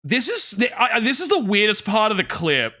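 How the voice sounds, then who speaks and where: A man's voice: high voice, huge pitch swings, moderate pace, pushed and bright. A man streaming and reacting to clips in casual talk, sarcastic and sweary.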